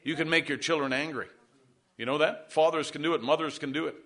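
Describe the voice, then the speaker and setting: A man's voice: a little high, steady tone, quick pace, fairly bright tone. A middle-aged male pastor preaching a sermon, pressing points with emphasis and calling for amens from the congregation.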